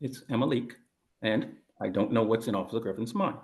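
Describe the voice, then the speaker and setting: A man's voice: lowish voice, fairly quick, darkish tone. Man giving guarded, careful answers. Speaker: police officer being deposed. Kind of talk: deposition testimony.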